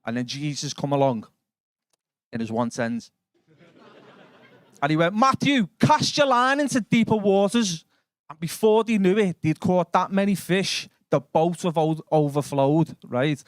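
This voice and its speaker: A young man with a Liverpool Scouse accent doing a stand-up set in a comedy club, chatty and sweary, telling quick stories and working the crowd. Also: fairly high pitch, lively intonation, darkish tone, no echo. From Liverpool, England.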